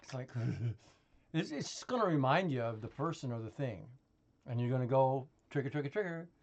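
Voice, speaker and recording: A man's voice: medium pitch, very animated, normal speed. A man talking in a casual, rambling monologue, full of swearing, laughter and restarts. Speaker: vlogger.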